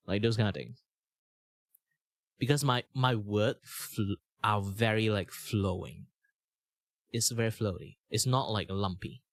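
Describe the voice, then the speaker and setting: A man's voice: medium pitch, expressive, a little slow, long pauses, no room sound. Rambling young man, dry studio sound. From Malaysia. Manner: rambling, flowing speech with frequent fillers and self-corrections. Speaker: streamer. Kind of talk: casual chat. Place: sound-treated home studio. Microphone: good studio mic.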